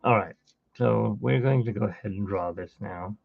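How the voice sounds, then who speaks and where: A man's voice: on the low side, moderate pace, gravelly, dry recording, phone-quality sound. A tired man who got little sleep, hosting a live drawing stream and chatting casually in a rambling way as he works. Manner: rambling storyteller, hums while working.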